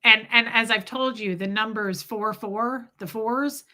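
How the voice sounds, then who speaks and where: A woman's voice: on the high side, steady tone, a little slow, bright, forceful tone. A woman hosting a livestream and telling a candid, rambling personal story to her chat. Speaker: livestream host. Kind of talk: casual storytelling to live chat.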